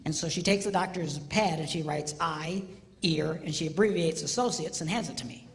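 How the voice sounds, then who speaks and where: A man's voice: on the high side, normal speed. A man in his fifties telling self-mocking stories to a live audience, acting out the voices. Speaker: comedic speaker. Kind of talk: live stand-up style storytelling. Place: large hall with live audience. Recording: live stage, long hall reverb, audience noise.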